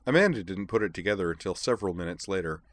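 A man narrating a story in a very low, steady voice. The recording is dry and close, with no room sound. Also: rapid-fire, dry recording. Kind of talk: audiobook story reading.

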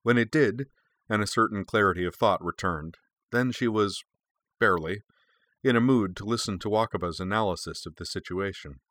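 Deep, bright male audiobook narrator. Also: no room sound. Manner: measured, expressive reading.

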